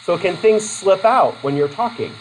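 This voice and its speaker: Lively, chatty male classroom instructor. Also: sits high, unhurried, slight background noise, low-quality recording. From Vermont, USA. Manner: chatty, self-deprecating, lots of fillers and restarts. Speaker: college instructor. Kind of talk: classroom lecture with student questions.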